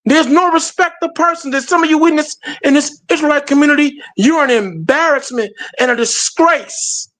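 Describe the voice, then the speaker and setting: A man's voice: very high-pitched, moderate pace, few pauses, a bit bright. A man hosting a heated live stream show, fired up and calling people out by name.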